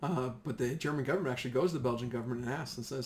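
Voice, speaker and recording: Male history teacher, casual and animated, mid-range voice, slight background hiss. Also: mid-range voice, rapid-fire, hardly any pauses. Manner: chatty, animated, acts out voices of nations.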